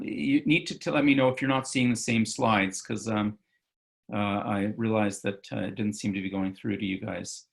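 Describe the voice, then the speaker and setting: A man's voice: lowish voice, vocal fry. A male physician giving an online medical lecture over slides, talking loosely with many fillers and self-corrections.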